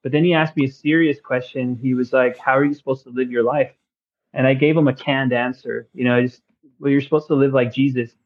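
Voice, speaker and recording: A man guest on a podcast, telling a personal faith story in an earnest, excitable way with casual slang. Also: mid-range voice, brisk, lo-fi sound. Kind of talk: casual testimony chat.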